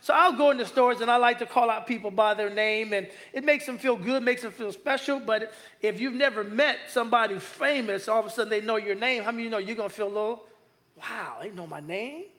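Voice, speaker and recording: A man preaching a sermon in a conversational, joking way, stretching key phrases slowly for emphasis. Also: very high voice, a bit bright. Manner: conversational, joking asides with the congregation. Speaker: pastor.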